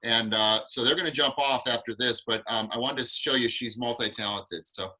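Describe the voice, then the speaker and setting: A man's voice: mid-range voice, moderate pace, pushed and bright, rough recording. Upbeat man hosting an acting class. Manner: enthusiastic, encouraging. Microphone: video call.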